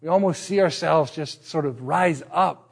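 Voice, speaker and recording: Middle-aged Northern Irish pastor, conversational. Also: male voice, fairly high pitch, moderate pace, vocal fry. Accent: Northern Irish, partly Americanized. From Northern Ireland. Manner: conversational, self-deprecating, with frequent restarts. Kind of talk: sermon.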